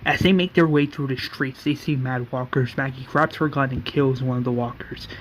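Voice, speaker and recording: A man's voice: mid-range voice, fairly even intonation, moderate pace, a little hiss or hum, rough recording. A man casually retelling a story, stringing events together with many fillers.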